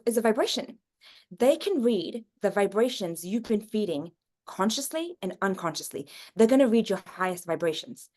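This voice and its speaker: A woman guest in a conversational interview who explains psychic readings earnestly, with her pitch rising and falling as she talks. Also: a little mellow.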